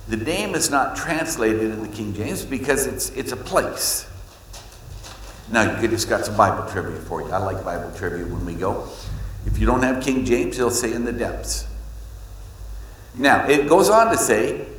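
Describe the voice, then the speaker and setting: A man preaching a sermon, reading scripture and telling stories, with his pitch jumping up on points he wants to stress. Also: moderate pace, slight background noise. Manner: animated storytelling, pitch leaps on emphasis. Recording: echoey hall with long reverb.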